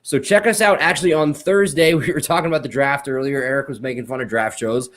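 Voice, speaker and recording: A man's voice: mid-range voice, fairly even intonation, quick pace, a bit bright. A man hosting a podcast, chatting casually and telling a joking story about a college football game. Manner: laid-back, joking storyteller. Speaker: podcast host.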